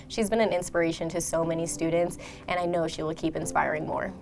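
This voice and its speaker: A woman from a school program, telling a story in a video tribute, lively and proud. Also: sits low, fast, slight background noise.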